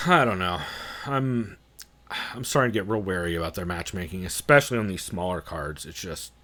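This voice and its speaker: A man's voice: fairly low pitch, fairly bright tone. A man co-hosting a casual fight-sports podcast, talking bluntly with frequent swearing and restarts. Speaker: podcast co-host.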